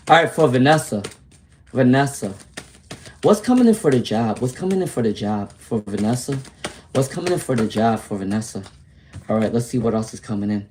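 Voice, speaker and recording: Man livestream tarot reader, mid-pitched, slangy and candid, chats straight to his viewers. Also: a little mellow, a little hiss or hum. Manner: casual, chatty, addresses viewers by name; slangy, candid, speaks in repeated phrases.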